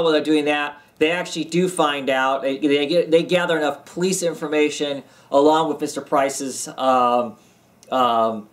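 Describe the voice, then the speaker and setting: Male vlogger, mid-pitched, tired and yawning, rambling casual comic review recorded at home. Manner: rambling, many ums and restarts. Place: home basement.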